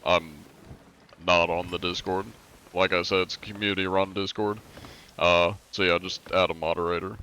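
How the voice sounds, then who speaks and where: A man's voice: low voice, little pitch movement, normal speed, bright, forceful tone, clear, resonant tone. A man from the United States chatting casually on a live game stream, joking as he answers chat questions.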